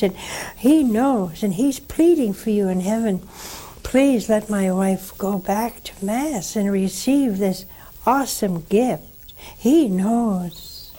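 A woman's voice: medium pitch, warm tone. An older woman, a nun, preaching earnestly and counseling callers, with frequent rhetorical questions. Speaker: nun hosting a call-in religious program. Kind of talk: sermon and call-in counsel.

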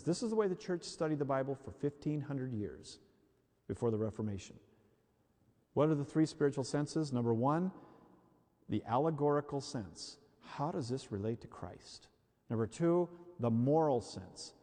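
A man's voice: a little high, warm tone. A man preaching a sermon who acts out the reactions he quotes. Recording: hall reverb.

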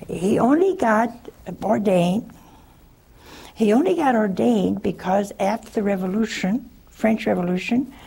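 A religious sister answering a caller on a call-in show, telling stories in a folksy, chuckling way. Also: female voice, on the high side, gravelly, dark tone, slightly rough. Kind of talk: call-in advice with storytelling.

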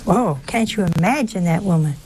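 A woman's voice: fairly low pitch, expressive, moderate pace, a little mellow, slight background noise. A woman preaching a sermon in a folksy way, full of rhetorical questions and exclamations.

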